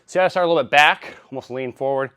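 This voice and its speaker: A man's voice: medium pitch, rapid-fire, sharp tone, smooth, no room sound. A man in a gym, out of breath between sets, puffing as he casually explains how he uses a training machine. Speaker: fitness vlogger. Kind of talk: casual workout demonstration.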